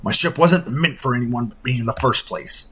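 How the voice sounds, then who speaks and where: A man's voice: mid-range voice, normal speed, fairly bright tone, slight background noise, natural voice. A man voicing a proud male ship captain in a British accent, curt and easily offended.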